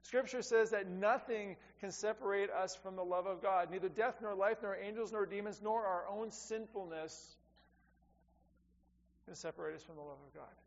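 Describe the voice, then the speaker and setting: A middle-aged male pastor with a high-pitched voice preaches an earnest sermon, repeating key phrases and swinging from soft to loud. The sound is dull and lo-fi, with a long reverb trailing off the walls of a church and a faint hum underneath. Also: moderate pace, gravelly. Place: church sanctuary.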